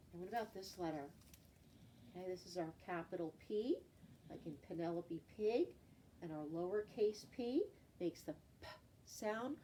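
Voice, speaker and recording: A woman teaching a children's phonics lesson, slowly and patiently naming letters and stretching out example words. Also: mid-range voice, dark tone. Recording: voice from a distance, faint background noise.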